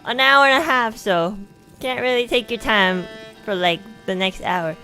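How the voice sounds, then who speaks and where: A woman's voice: fairly high pitch, a little slow, soft background music. Chatty young woman telling a story. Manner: chatty, animated, acts out quoted lines in a raised voice. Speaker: streamer. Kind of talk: casual storytelling.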